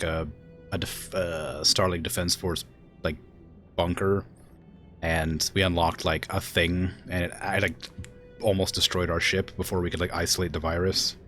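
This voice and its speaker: A man's voice: low voice, a bit bright. A man streaming a video game, chatting casually and rambling with lots of fillers.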